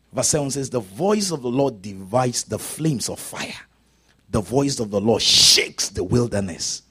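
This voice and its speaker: Gravelly man preaching with dramatic swings. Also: mid-range voice. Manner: dramatic swings from shouting to quiet whispers. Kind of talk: sermon. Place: church service.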